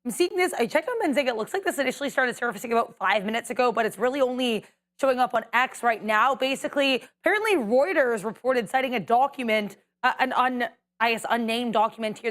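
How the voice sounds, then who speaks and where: A woman delivering breaking market headlines on a trading livestream. She reports in a measured, deliberate way, in a fairly high voice. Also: a bit bright. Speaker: news desk reporter. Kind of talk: live market news update.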